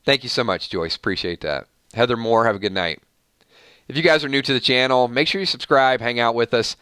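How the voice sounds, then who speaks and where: Bright, crisp-voiced man hosting a livestream. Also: mid-range voice, no echo, studio quality. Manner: loose and chatty, rattling off names with quick thank-yous. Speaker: livestream host. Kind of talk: casual livestream chat, reading out supporters' names.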